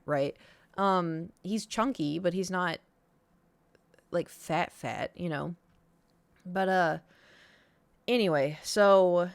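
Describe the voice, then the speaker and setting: A woman streams from home, telling her chat a meandering story and peppering it with fillers as she acts out what others said. Her voice sits a little low and comes through smooth and clean. The desk mic picks it up close and dry, with no room around it. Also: dry recording. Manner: rambling, lots of "like" and "um", acts out quoted voices.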